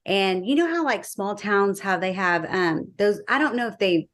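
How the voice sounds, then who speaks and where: A woman's voice: mid-range voice, normal speed. Woman telling her faith testimony. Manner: animated retelling, acting out quoted dialogue, frequent fillers. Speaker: guest sharing her testimony. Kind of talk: personal faith testimony, conversational storytelling.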